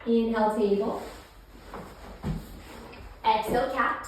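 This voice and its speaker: A mother leading a children's yoga session speaks slowly in a slightly high voice and keeps her tone playful and encouraging, imitating animal sounds along the way. She is picked up from across a very echoey room, with faint noise underneath. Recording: very echoey room, mic at a distance.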